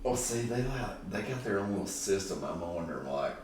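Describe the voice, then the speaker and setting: Low voiced guy hosting a podcast, laid back, kinda far from the mic, roomy echo. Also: sing-song, a little fast, darkish tone, a little hiss or hum. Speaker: podcast host. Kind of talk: casual chat. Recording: echoey room, set back from the mic.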